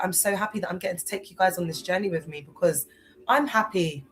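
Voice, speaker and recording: A woman's voice: fairly low pitch, quick pace, soft background music, rough recording. A woman in her thirties, unwell, chatting loosely on a live stream about faith, with many fillers. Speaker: livestream host.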